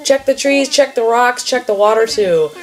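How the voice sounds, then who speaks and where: A woman's voice: on the high side, animated, moderate pace, voice pushed up, close to an everyday voice. A woman reading aloud the lines of a chirpy male bunny in a costume, in a sing-song rhyming patter. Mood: cheery. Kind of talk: reading game dialogue aloud.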